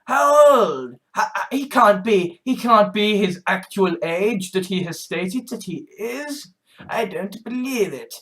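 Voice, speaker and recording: A man's voice: sits high, lively intonation, slow pace, fairly bright tone, recorded from a distance, heavily acted. A young man putting on the voice of a melodramatic online hater to mock them. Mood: mock outrage. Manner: mocking, melodramatic outrage.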